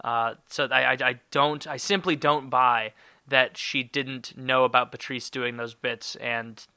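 A man's voice: mid-range voice, steady tone, a little slow, sharp tone, clear, resonant tone, no echo. A man hosting a solo podcast, ranting in a rambling, sarcastic and profane way. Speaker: podcast host.

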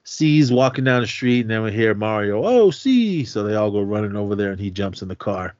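A man's voice: lowish voice, a little fast, no echo. A man co-hosting a podcast, retelling a film's plot in casual chat and acting out the characters' lines. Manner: animated retelling, acts out quotes. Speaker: podcast co-host. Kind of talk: casual movie recap. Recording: slightly muffled, dry sound.

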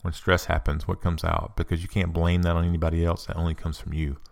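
Low gravelly-voiced man, earnest talk. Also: flat delivery, quick pace. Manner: earnest, confessional, repeats phrases. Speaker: speaker giving a spiritual self-help talk. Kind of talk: personal storytelling talk.

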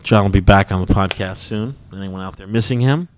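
A man hosting a podcast in casual chat, relaxed and given to chuckles and trailing sentences. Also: deep voice, brisk, a little hiss or hum. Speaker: podcast host.

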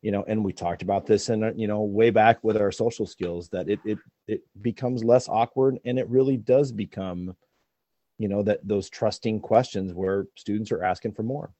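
Mellow low-voiced man, dry sound. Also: fairly even intonation, moderate pace, dry recording. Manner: thoughtful, with frequent restarts and "you know". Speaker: teacher podcast co-host. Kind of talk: casual educational discussion.

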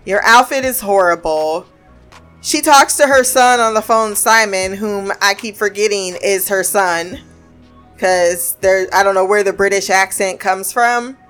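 A woman's voice: medium pitch, unhurried, fairly bright tone, clear, resonant tone, faint music behind. A woman giving a casual, blunt and sarcastic review of a TV show, swearing freely as she recaps the episode.

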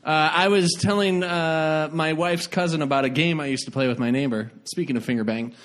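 A man hosting in casual chat, amused and laughing, halting with fillers. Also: a little high, fairly even intonation, fairly bright tone.

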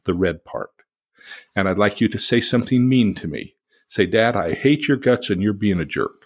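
A man's voice: lowish voice, breathy edge. A middle-aged man, a podcast co-host, explaining ideas in an earnest teaching manner and sometimes acting out angry outbursts. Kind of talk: conversational teaching talk.

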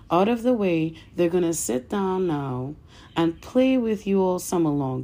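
A woman's voice: lowish voice, mellow. A woman hosting a podcast, talking earnestly to listeners and then reading a long passage aloud with emphasis and occasional stumbles. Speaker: podcast host.

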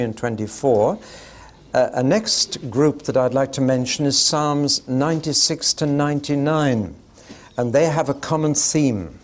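An older man, preaching a Bible teaching to his congregation in a conversational, explanatory way with bursts of dramatic emphasis. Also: medium pitch.

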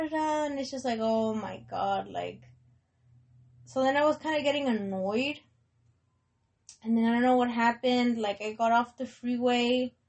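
Slow-talking young woman telling a story. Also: on the high side. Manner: rambling, heavy swearing, many likes and restarts; mixes Spanish words into English. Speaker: podcast host. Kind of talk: casual personal storytelling.

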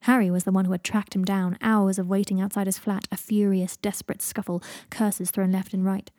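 A woman narrating a fan fiction audiobook in an even, gentle storytelling voice. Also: mid-range voice, fairly quick, no echo, clean studio sound.

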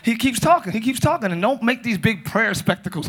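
A middle-aged male pastor preaching to a live congregation in a church, playful and joking, often shouting. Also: extremely high pitch, expressive, brisk, husky. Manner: playful, shouting, mimics churchy prayer voices. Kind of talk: comedic sermon to a live congregation. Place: church sanctuary.

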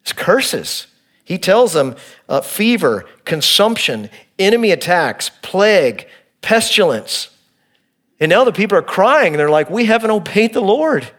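This expository sermon comes from a middle-aged pastor whose voice is fairly high and whose manner is earnest and very animated, though a little slow. He shifts between emphatic declarations and hushed, quiet moments while unpacking a text.

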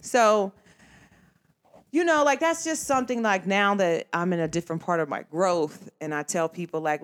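A woman's voice: on the low side, moderate pace. A woman venting to her viewers in a casual, emphatic monologue, talking straight to the camera in slangy everyday speech. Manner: emphatic, slangy and conversational, addresses viewers directly. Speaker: vlogger.

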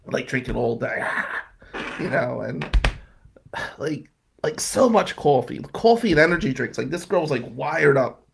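A man's voice: medium pitch, expressive, measured pace, vocal fry, pauses often, husky. A man in his forties telling a rambling, profane personal story to his viewers in a casual vlog. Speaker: vlogger.

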